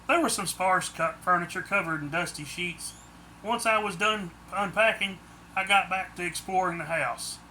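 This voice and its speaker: A man's voice: sits high, moderate pace, sharp tone, a little hiss or hum. A man narrating his own book in the first person, plain audiobook storytelling.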